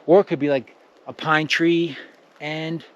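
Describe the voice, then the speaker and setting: A young man talking casually to camera outdoors among trees as a spiritual teacher, animated and acting out reactions in his voice. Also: moderate pace, highs cut off. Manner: animated, acts out quoted reactions with big pitch jumps. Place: outdoors in nature near pine trees.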